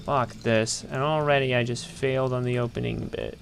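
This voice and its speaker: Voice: mid-range voice, steady tone, moderate pace, vocal fry. A game streamer giving casual, profane commentary while getting frustrated with the controls. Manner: frustrated, swearing, ranting at the game.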